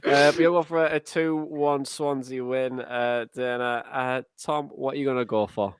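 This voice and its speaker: A man's voice: mid-range voice, fairly even intonation, normal speed, clean tone, no room sound. A man hosting a football podcast, upbeat and jokey as he runs the show. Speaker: podcast host. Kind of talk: casual football chat.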